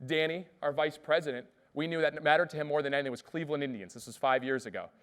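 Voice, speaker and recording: A man giving an energetic keynote speech, telling stories and asking the audience questions. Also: a little high, quick pace, clear, resonant tone. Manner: lively, asks the audience questions. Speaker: keynote speaker.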